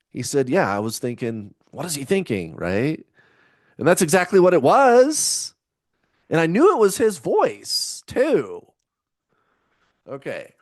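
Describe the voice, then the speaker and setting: A man's voice: medium pitch, no echo, clean studio sound. A middle-aged man chatting casually to camera in a rambling, laid-back way, with the odd swear word. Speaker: spiritual vlogger.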